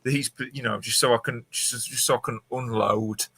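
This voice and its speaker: A man chatting casually on a podcast, talking haltingly with many restarts. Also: mid-range voice, fairly even intonation, creaky, pushed and bright, no echo.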